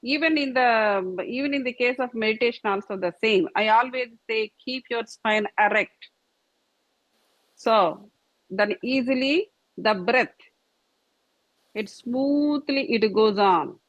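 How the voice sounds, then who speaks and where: This fairly high, slow female voice belongs to a yoga and meditation teacher who patiently and repetitively shows every posture, gesturing as she goes. It's a dull, dry lo-fi recording.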